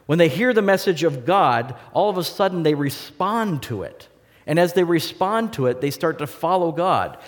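A man preaching a sermon to a congregation, telling stories in a lively way and acting out the voices. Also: fairly high pitch, moderate pace, long reverb tail. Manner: animated storytelling, acts out voices.

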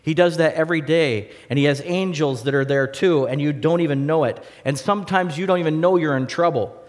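A man's voice: fairly high pitch, brisk. Man preaching, hall reverb. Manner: animated storytelling, acts out voices. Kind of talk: sermon.

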